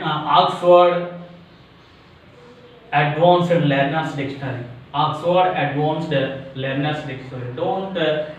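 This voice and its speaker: Indian man teaching English in an echoey room. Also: fairly high pitch. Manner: repeats words slowly and checks with "is it clear?". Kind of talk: classroom pronunciation lesson. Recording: echoey room, mic far off, faint hiss.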